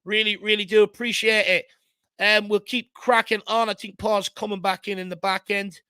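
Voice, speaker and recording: An Irish man hosting a fan live stream in casual chat, shouting out viewers by name. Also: sits high, flat delivery, moderate pace, smooth, no room sound. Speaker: fan channel host.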